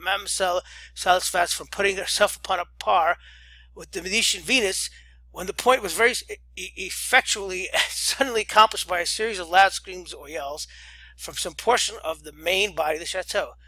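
A man's voice: high voice, brisk, sharp tone, dry recording, rough recording. A man reading a classic story aloud with theatrical delivery and occasional stumbles. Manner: theatrical, occasional slips and restarts. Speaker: audiobook reader.

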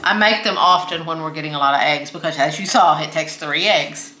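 A woman's voice: low voice, fairly quick, reverberant, background noise. A woman hosting a home cooking tutorial from her kitchen, talking in a friendly, chatty way while she mixes ingredients. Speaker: cooking channel host.

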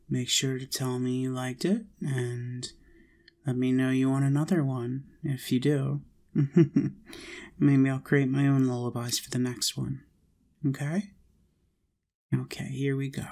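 A man making a role-play lullaby audio, talking gently and chattily between songs. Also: mid-range voice.

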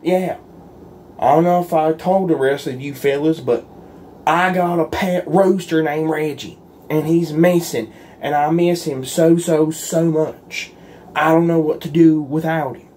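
Slow, folksy man leading a roleplay. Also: fairly high pitch, steady tone, darkish tone, a little hiss or hum. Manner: folksy, earnest, pleading. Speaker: roleplay creator. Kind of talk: solo character roleplay.

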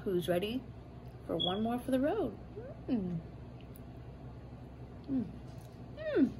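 A woman's voice: fairly high pitch, takes it slowly. A woman in her thirties chatting casually while she cooks and eats at home, playful and chatty, tossing in cutesy rhyming made-up words. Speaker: cooking vlogger. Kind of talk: casual cooking chat and eating. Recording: steady background noise in a home kitchen.

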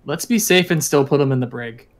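A man plays a tabletop role-playing game, laying out his character's plans in a calm, casual way. His voice sits at an ordinary middle pitch. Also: fairly quick. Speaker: player.

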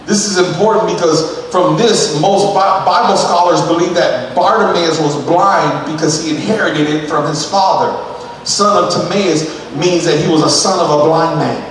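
A man's voice: high-pitched, slight background noise. A male pastor preaching emphatically and acting out scenes, heard from a distance in an echoey church sanctuary. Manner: emphatic preaching that acts out scenes, with calls to the congregation. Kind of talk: sermon. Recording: echoey church hall from far off.

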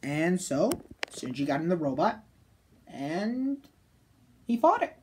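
A woman giving a casual, rambling spoken review of an anime, chatty and excitable, full of fillers and restarts. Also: lowish voice, slow, a little hiss or hum. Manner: excitable, jumps into loud shouted bits.

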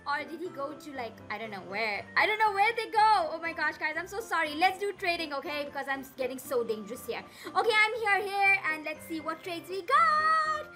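Excitable high-voiced woman gaming host. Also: a little fast, few pauses, music in the background. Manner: excitable, gasping and exclaiming. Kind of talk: excited gameplay commentary.

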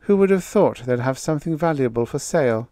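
An audiobook narrator voicing Ermin, a calm, courteous male agent who speaks in a gentle, precise and formal way. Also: a little high, a little fast, no room sound, clean studio sound, pitched above the performer's own voice, natural voice. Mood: even, probing.

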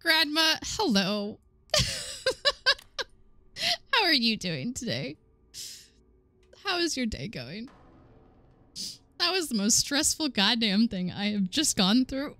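A young woman streaming a horror game, her voice lively and leaping around in pitch as she reacts. She sounds bright and sharp, talking straight into a dry desk mic with no room sound at all. She swears, laughs a lot and keeps checking in with her chat. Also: slow pace, pauses often, no echo. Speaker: gaming streamer. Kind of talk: let's play commentary.

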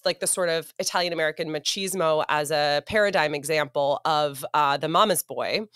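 A woman's voice: lowish voice, fairly bright tone, no echo, studio quality. A woman co-hosting a podcast, explaining ideas articulately and laughing easily in an academic conversation. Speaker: podcast co-host.

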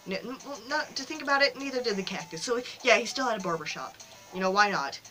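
A young-sounding woman gives chatty commentary on a mobile game, with a bright, crisp tone. She gets worked up fast and shouts encouragement at her character. She is recorded on a phone, with faint game music in the background. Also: on the high side, poor audio. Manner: excitable, cheers the game character on loudly. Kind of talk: casual gameplay commentary.

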